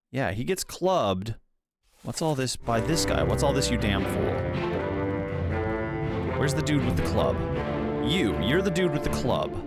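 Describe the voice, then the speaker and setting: A man streaming a game, thinking aloud in casual commentary with mild swearing. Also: mid-range voice. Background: loud game music.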